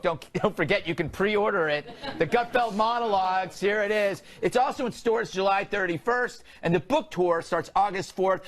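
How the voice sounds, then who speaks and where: A man's voice: high voice, a bit bright. A male talk show host delivering a comedic monologue and joking banter in a TV studio. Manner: quick, jokey, playful. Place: TV studio with live audience.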